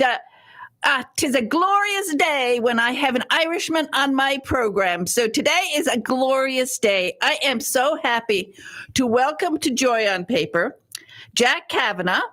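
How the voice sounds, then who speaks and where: A woman hosts a radio talk show from the studio, her voice sitting a little high. She gushes and giggles through a casual interview chat. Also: a bit bright. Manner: effusive and giggly, laughs often.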